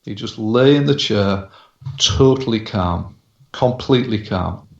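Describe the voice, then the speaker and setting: A hypnotherapist being interviewed who tells his story in a measured way with frequent hesitations. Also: lowish voice, lively intonation, roomy sound, muffled recording. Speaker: hypnotherapist guest.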